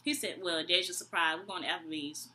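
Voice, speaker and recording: A woman's voice: lowish voice, fast talker. A young woman vlogger telling a storytime tale in a slangy, exasperated way, acting out both sides of the conversation. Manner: animated, acts out both sides of the dialogue. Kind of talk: storytime vlog.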